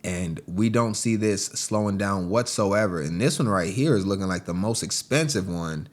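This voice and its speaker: A casual man hosting a gaming vlog, his voice sitting on the low side. He chats loosely to his viewers as "team" while going through on-screen listings, breaking into excitable bursts along the way. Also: normal speed. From United States. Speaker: gaming vlogger. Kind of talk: casual screen-recording commentary.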